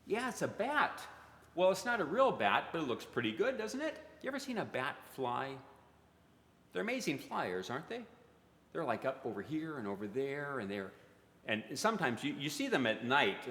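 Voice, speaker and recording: A man's voice: mid-range voice, a bit bright. A man who writes and performs for children, reading poems aloud in a playful, interactive way and making animal sound effects. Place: children's museum event space. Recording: roomy with long hall reverb.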